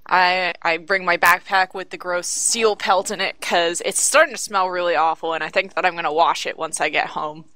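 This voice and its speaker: A woman's voice: on the low side, steady tone, normal speed, hardly any pauses, bright, forceful tone, dry recording. A woman describing her character's actions as a player in a tabletop role-playing game, casual with hesitations.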